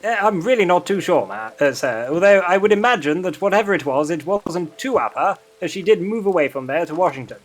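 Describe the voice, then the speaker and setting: A man's voice: sits high, animated, fairly quick, hardly any pauses. A man playing a fussy British census taker. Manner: overly formal, keeps saying sir, swears when startled. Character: polite fussy Old West male census taker.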